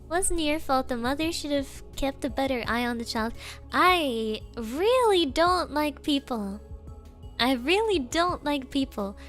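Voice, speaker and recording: Young female streamer, high voice, slow unhurried delivery, giggly rambling chat, light music underneath. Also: fairly bright tone. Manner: giggly, rambling storytelling with fillers. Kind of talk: casual chat.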